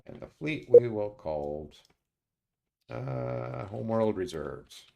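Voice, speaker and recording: A man streaming a strategy game, muttering his moves to himself and often pausing with uhs. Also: lowish voice, expressive, gravelly, mellow. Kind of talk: casual let's-play commentary.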